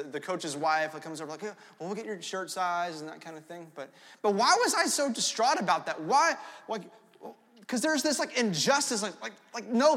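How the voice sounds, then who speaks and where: Animated young male preacher in a hall. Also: high voice. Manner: animated, storytelling, frequent "right?" asides. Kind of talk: sermon. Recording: long hall reverb.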